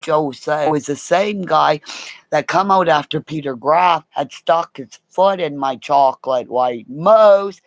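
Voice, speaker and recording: A woman's voice: deep voice, gravelly, dry recording. A middle-aged woman telling rambling personal stories in a casual, profane way, laughing as she goes. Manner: animated, swears a lot, laughs mid-story. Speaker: storyteller.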